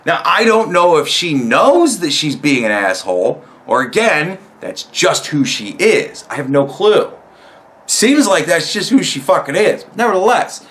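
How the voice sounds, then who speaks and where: A man's voice: a little high, fairly bright tone. Young guy ranting about work, swears a lot, fed up and rambling. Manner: profane, exasperated, rambling. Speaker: storyteller. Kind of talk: casual storytelling rant.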